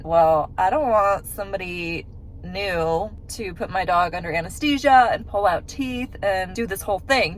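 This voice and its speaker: A woman vlogger chatting her way through a personal story, animated and full of "like"s. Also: medium pitch, slight background noise. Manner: chatty, animated retelling with many "like"s. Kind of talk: casual storytelling.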